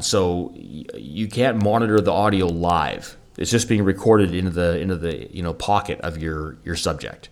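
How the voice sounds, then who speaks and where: A very low-pitched man co-hosting a casual podcast. He rambles through gear talk, often restarting his sentences and getting enthusiastic about gadgets. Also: lively intonation, moderate pace, few pauses, darkish tone. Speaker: podcast co-host. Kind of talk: casual gear review chat.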